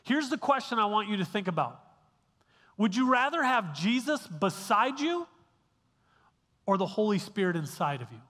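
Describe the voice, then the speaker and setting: High bright-voiced man preaching in a church. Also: sing-song, moderate pace, pauses often, in a large hall. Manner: conversational, frequent restarts and "right?" checks. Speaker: pastor. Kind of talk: sermon. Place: church sanctuary.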